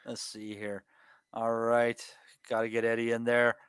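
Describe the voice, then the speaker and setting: A man hosting a boxing podcast, wry and quick, swearing freely in casual banter. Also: mid-range voice, monotone, a bit bright, clean tone, no echo. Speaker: podcast host reading viewer questions.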